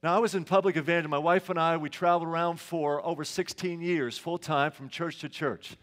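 A middle-aged pastor preaches in a church sanctuary, his voice on the high side, steady, fairly quick and fairly bright. He tells stories conversationally and puts questions to the congregation.

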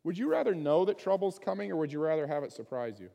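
A man's voice: a little high, lively intonation, fast, creaky, dark tone, long reverb tail, lo-fi sound. A man preaching a sermon in a conversational way, often putting questions to his listeners. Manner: conversational, asks the congregation many questions. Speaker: pastor.

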